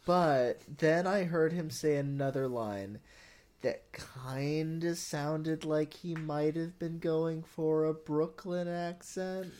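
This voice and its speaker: A man's voice: on the high side, takes it slowly, a little mellow. A man co-hosting a casual podcast, rambling with false starts and frequent laughter. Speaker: podcast co-host. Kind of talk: casual chat.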